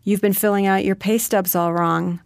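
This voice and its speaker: A woman's voice: medium pitch, steady tone, moderate pace, gravelly, no room sound. Woman telling her story, dry studio. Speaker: interview guest. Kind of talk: personal testimony in a radio interview.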